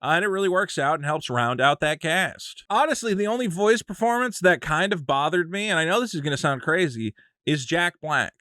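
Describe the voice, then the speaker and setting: Animated opinionated male reviewer. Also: a little high, a little fast, no room sound, studio quality. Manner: animated, opinionated, restarts a lot. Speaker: movie reviewer. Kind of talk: casual movie review.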